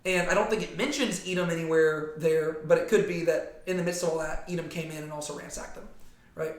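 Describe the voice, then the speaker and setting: A man's voice: on the high side, steady tone, a little fast. A man teaching a casual Bible study to a small group, talking conversationally and often checking in with "right?". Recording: echoey room.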